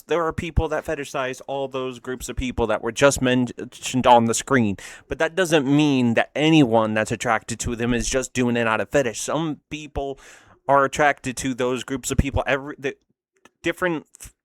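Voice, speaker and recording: A man's voice: mid-range voice, moderate pace, dry recording. A man hosting a casual meme reaction video, rambling and self-deprecating, often laughing at his own comments. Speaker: host reacting to memes.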